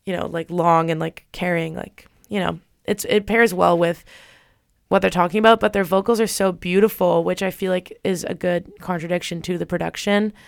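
Young woman radio host with a smooth voice. Casual, rambling music chat, close and dry. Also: on the low side, steady tone, normal speed, dry recording. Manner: rambling, many fillers and restarts.

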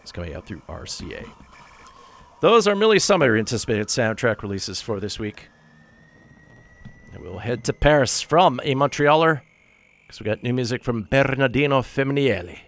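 A male radio host reading out a list of new releases, briskly, with wry asides when he corrects himself. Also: medium pitch, very animated. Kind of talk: radio music show, listing soundtrack releases.

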